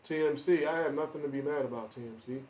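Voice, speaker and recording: A man ranting on a live stream, confrontational and boastful, calling out chat members by name with loud bursts and drawn-out emphasis. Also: on the high side, background noise. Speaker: livestreamer. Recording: roomy echo.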